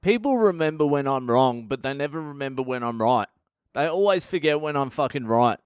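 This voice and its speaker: A middle-aged Australian comedian rants through his own stories, swearing freely and mocking himself. His voice sits at an ordinary male pitch and comes across smooth and clear. The sound is dry, with no room around it. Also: lively intonation, fairly quick, no room sound. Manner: profane, ranting, self-mocking. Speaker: comedian podcast host. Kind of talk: comic storytelling monologue.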